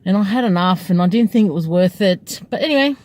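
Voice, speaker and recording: A woman's voice: mid-range voice, animated, fast, a little mellow, poor audio. A woman in a mid-range voice recounting one of her taxi shifts as a casual story. She talks loosely and conversationally and keeps breaking into laughter as she goes. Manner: laughs often while telling. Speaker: taxi driver.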